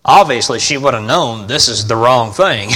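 A man preaching a sermon in a folksy, emphatic way, often asking his congregation questions and swinging between loud and quiet delivery. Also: medium pitch, expressive, moderate pace. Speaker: pastor. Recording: long reverb of a large hall.

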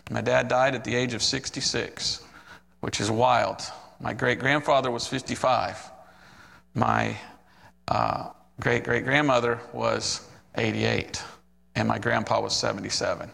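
Man, 40s, missionary preacher, sermon testimony, gravelly, lively quoted voices, reverberant hall. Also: mid-range voice, unhurried. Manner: storytelling, animated quoted voices.

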